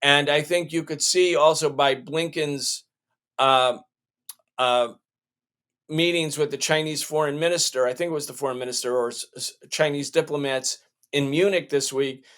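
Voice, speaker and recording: A man's voice: a little high, steady tone, moderate pace, fairly bright tone. A male show host giving emphatic political commentary, often restarting his sentences.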